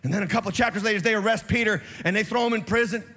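A man preaching a sermon as lead pastor, telling Bible stories in an animated, acted-out way. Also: high voice, rapid-fire. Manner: animated storytelling, acts out Bible scenes. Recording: long reverb of a large church hall.

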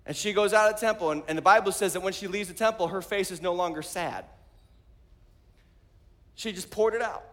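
A man preaching a sermon as pastor, animated and rising to shouts. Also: high-pitched, fairly quick, pauses often. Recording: long hall reverb.

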